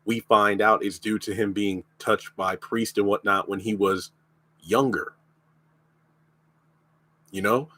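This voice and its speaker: A man's voice: lowish voice, fairly even intonation, slow, pauses often, pushed and bright. A man with a lingering cough, bluntly reviewing a TV show in a casual live stream. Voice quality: blunt, opinionated.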